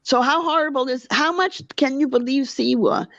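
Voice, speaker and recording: A woman on a livestream, ranting with a heated, gossipy edge in a fairly high voice. Her sound is dull and lo-fi, dry with no room echo. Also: normal speed, fairly bright tone. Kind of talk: casual livestream chat.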